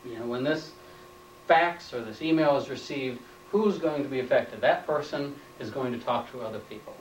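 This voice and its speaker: A man's voice: medium pitch, normal speed, a little hiss or hum. A man giving a training lecture, plainly stating points and repeating them as questions, recorded indoors on a camera mic from a distance. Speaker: instructor. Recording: roomy, off-mic room sound.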